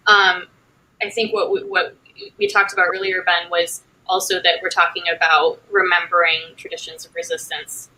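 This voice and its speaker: Bright-voiced woman moderating a panel. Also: fairly low pitch, level tone, normal speed, rough recording. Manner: loose and thinking aloud, many fillers and restarts. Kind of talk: casual panel conversation.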